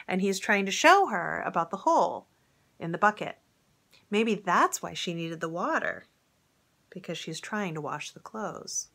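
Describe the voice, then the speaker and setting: A woman reading a picture book aloud to young children in a gentle, chatty way, pointing out the pictures as she goes. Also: fairly low pitch. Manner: gentle, chatty, talks straight to young listeners. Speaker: storybook reader.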